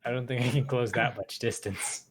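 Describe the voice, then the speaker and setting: A man's voice: mid-range voice, steady tone, moderate pace, a little hiss or hum. A man playing a tabletop game, chatting casually in a cheery, wry way about his character's moves. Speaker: player.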